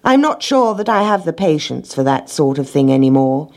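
A woman's voice: low-pitched, sing-song, a little mellow. A woman playing a languid lazy cat. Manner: languid, unhurried. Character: lazy, aloof male cat.

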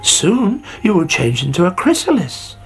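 A storyteller voicing a kind, gentle female butterfly who comforts a friend, in a storybook. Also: medium pitch, wildly swooping pitch, unhurried, soft background music, voice pushed up. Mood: reassuring. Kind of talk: storybook character voice.

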